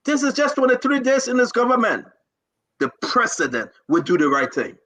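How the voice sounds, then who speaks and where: A man's voice: very high voice, very animated, normal speed, fairly bright tone, rough recording. A man with a Liberian English accent, hosting a live talk show and pleading his case with passion and repetition.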